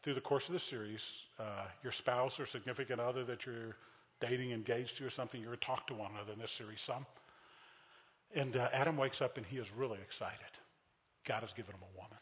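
A man preaching a sermon, telling a story with animated, shouted exclamations and dropping to a soft tone for heartfelt appeals. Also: medium pitch, fairly quick, long reverb tail, muffled recording. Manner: drops to a soft, intimate tone for appeals. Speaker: pastor.

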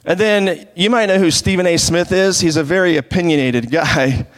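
A man's voice: high voice, moderate pace. Preaching man in a reverberant hall. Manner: conversational preaching with rhetorical questions. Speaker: pastor. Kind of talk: sermon.

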